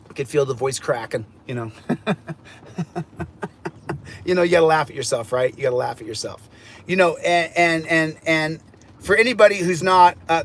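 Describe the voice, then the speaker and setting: Casting: higher-voiced man, repetitive agitated livestream rant. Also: slight background noise. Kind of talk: ranting livestream chat.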